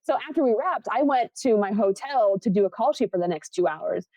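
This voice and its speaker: Her mid-range voice is dark and expressive, running a little fast over a dry recording. She's a young woman from Buffalo, New York, a film assistant director, recounting a story in a casual interview while laughing a lot and voicing the people she quotes.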